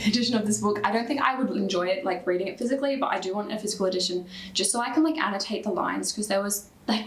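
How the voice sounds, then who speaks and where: A young Australian woman in her twenties talks casually about books, rambling with plenty of "like" fillers and quick bursts. Her voice sits at an ordinary middle pitch. The room around her is echoey. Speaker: book vlogger. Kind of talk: casual book review chat.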